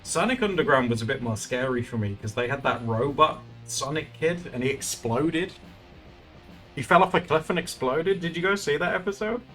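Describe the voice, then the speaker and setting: A man's voice: a little high, expressive, normal speed, a bit bright, soft background music. A man chatting casually while streaming his art, rambling and laughing often. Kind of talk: casual live-stream chat.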